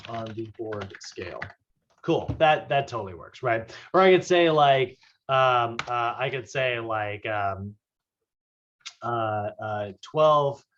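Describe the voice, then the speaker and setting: Male fitness instructor, casual lecture, filler-heavy, mid pitch, slightly dull lo-fi recording. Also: fairly bright tone, a little hiss or hum. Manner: casual, chatty, many fillers and "right?".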